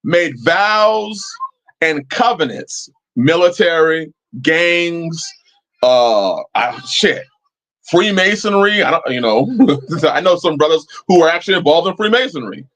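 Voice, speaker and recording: A man's voice: fairly high pitch, animated, a little slow, a bit bright. A man hosting a live-chat stream, talking casually and preachily, swearing freely as he answers viewers. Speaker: livestream host.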